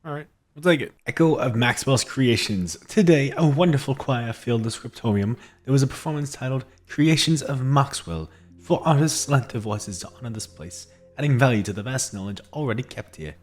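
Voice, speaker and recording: A man's voice: mid-range voice, expressive, moderate pace. A man giving casual, chatty commentary while playing a game, reading in-game notes aloud and often laughing. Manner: chatty, reads in-game texts aloud, frequent laughs and restarts. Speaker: gameplay streamer.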